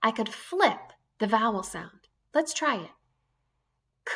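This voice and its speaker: A woman's voice: on the high side, sing-song, slow, long pauses, a bit bright, husky. A woman teaching an early reading lesson to young children, sounding out letters one by one in an encouraging way.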